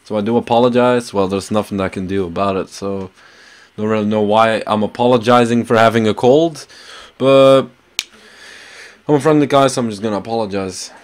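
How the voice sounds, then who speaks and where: A man with a Belgian accent giving casual gameplay commentary, his voice a little sore from a cold, swearing freely and breaking into excited outbursts. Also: on the low side, fairly quick. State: has a cold, slightly sore voice. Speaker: gaming channel host.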